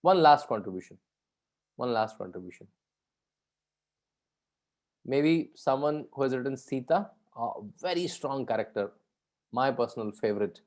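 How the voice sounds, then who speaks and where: A man speaks over a video call at a middle pitch, leading a session for students. He talks in a loose, conversational way, asks the listeners questions and keeps checking in with "right?". His delivery sounds unscripted. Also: expressive, normal speed, pauses often, a little mellow. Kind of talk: interactive talk to students.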